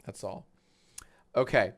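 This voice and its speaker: A man's voice: slow, fairly bright tone. A man hosting a casual livestream, reacting to videos with sarcastic, profane rants. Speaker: livestream host.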